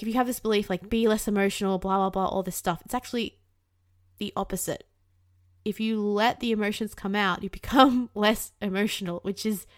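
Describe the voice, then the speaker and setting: A woman's voice: mid-range voice, dry recording, clean studio sound. A woman in her thirties hosting a casual self-help podcast, talking candidly and animatedly and swearing freely. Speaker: podcast host.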